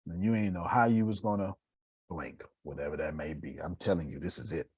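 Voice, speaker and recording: Husky low-voiced man, animated preacherly talk. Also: fairly quick. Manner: animated, swings between loud bursts and hushed asides. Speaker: motivational speaker on live video. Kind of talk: casual preacherly live talk.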